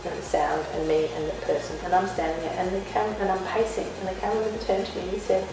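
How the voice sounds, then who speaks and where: An Australian woman, a guest sports broadcaster, telling lively, laughing anecdotes. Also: on the low side, fast talker, a crowd in the background. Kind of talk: animated storytelling. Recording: echoey room, voice from far off.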